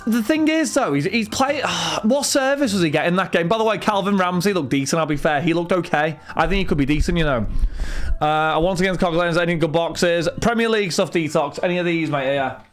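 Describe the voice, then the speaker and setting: A young man hosting a livestream, talking casually to his chat. He rambles and vents with exasperation, his voice sitting a little higher than most men's. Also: brisk. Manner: rambling and exasperated, venting about football. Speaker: livestream host.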